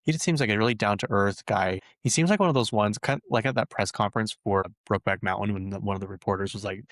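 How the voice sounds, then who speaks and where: A man chatting casually as a vlog host, gushing and excitable with lots of fillers. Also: on the low side, fast, no echo. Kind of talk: casual chat. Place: lives in Utah.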